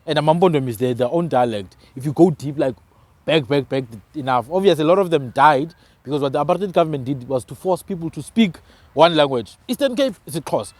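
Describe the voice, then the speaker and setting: Emphatic high-voiced South African man. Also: fast, dry recording. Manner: emphatic, animated, ends phrases with "man". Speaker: podcast host. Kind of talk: casual discussion.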